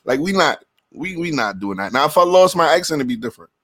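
A man's voice: on the high side, very animated, quick pace, fairly bright tone. A man with a New York accent co-hosting a casual sports podcast, protesting and laughing through profane banter over a remote call. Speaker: podcast co-host.

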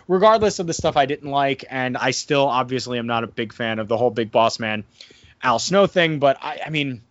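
A man co-hosts a casual podcast, his talk loose and rambling, studded with "I mean" and "like". His voice sits at an everyday middle pitch. The sound is dry and close, but dull and lo-fi. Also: fairly bright tone, no room sound. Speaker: podcast co-host and wrestling promoter. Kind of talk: casual podcast review chat.

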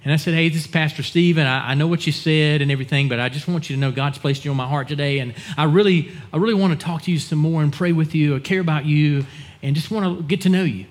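A man preaching as a pastor, telling a story in an earnest manner and acting out the people he quotes. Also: fast. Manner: earnest, acts out quoted dialogue in a lowered voice. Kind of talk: sermon storytelling.

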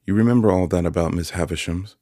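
A man voicing a troubled young boy in an audiobook, quiet and downcast, close to his own reading voice. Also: low voice, quick pace, no room sound, voice pushed up, lightly acted.

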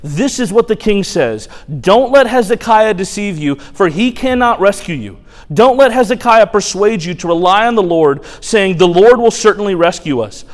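A swaggering imperial herald hurls loud, mocking threats at a city's defenders, put on by a man preaching. The voice climbs higher and louder than ordinary talk. A long reverb trails every shouted line. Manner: loud, taunting proclamation. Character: arrogant, cocky male royal spokesman of an empire.

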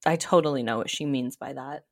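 Podcast guest, woman, low voice, laid-back recap chat. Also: fairly quick. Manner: relaxed recapping, casual swearing. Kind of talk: casual chat.

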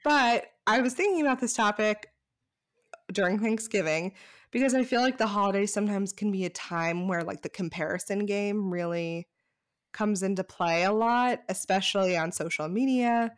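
A woman's voice: medium pitch, normal speed. A woman co-hosting a podcast in casual chat, chatty and saying "like" often. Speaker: podcast co-host.

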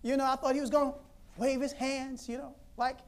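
A woman preacher voicing a proud, indignant male army commander who complains loudly in a retold story. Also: sits high, level tone, fairly quick, pitched above the performer's own voice. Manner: complaining, exasperated.

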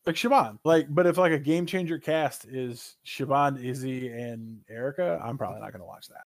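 A man co-hosting a gaming podcast in casual chat, animated and opinionated, swearing freely. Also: medium pitch, normal speed. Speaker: podcast co-host.

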